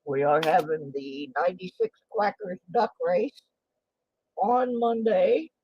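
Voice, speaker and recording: A woman's voice: on the low side, expressive, takes it slowly, slight background noise. A woman in her late sixties chatting on a casual livestream, telling a story in an indignant, exclaiming way. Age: 60s. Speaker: livestream host. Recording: dull lo-fi stream audio.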